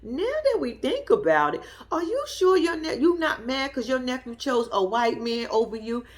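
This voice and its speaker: A woman's voice: sits high, big pitch swings, moderate pace. A woman giving blunt, profane reaction commentary on a reality show, talking straight at the people in it with sass and disbelief. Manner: blunt, profane, sassy, argues at the people she discusses. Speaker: show reviewer.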